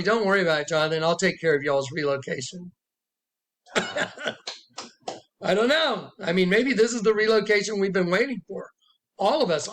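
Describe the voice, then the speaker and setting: This is a self-styled prophet, his voice high and a little bright, recounting a dispute to camera in a rambling personal testimony. He's emphatic and repetitive, and when he quotes others he acts it out in a raised voice.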